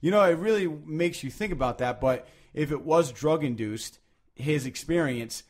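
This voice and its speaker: A man hosting a podcast, talking casually and at length, with many restarts, lively emphasis and frequent swearing. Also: a little high, moderate pace. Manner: rambling, animated, swears freely, many restarts. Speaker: podcast host.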